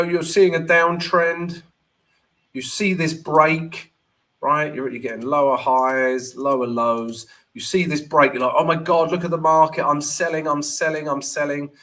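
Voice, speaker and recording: A man's voice: mid-range voice, a bit bright. A man hosting a live trading stream, talking casually and with energy, and often checking in with "right?".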